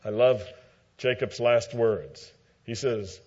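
Slow-preaching man, muffled recording. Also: mid-range voice. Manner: measured teaching with dramatic quoted lines. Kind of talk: sermon.

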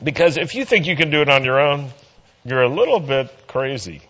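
A man's voice: mid-range voice, lively intonation, fairly quick, a bit bright, highs cut off, a little hiss or hum. A man preaching a sermon, telling a humorous personal story and acting out the dialogue with playful energy.

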